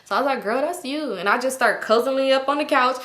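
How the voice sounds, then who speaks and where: A woman telling a storytime in a casual, animated, slangy way with lots of swearing. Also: high-pitched, fast. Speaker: storytime vlogger. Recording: echoey room.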